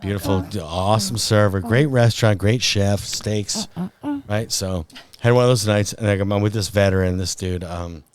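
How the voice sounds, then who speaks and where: A man's voice: on the low side, normal speed, slight background noise. A man with a Midwestern American accent telling a rambling, profane story in casual podcast chat. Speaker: podcast host.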